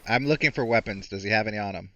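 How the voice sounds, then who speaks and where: A man's voice: lowish voice, fast talker, a bit bright, slight background noise. A man playing a tabletop game, talking in a blunt, wry way. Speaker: player. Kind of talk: tabletop role-play. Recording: dull, distant mic.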